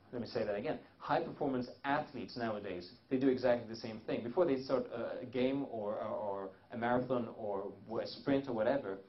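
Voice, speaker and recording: Rambling male seminar presenter, lo-fi. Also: mid-range voice. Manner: rambling, many restarts and fillers. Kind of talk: live seminar talk.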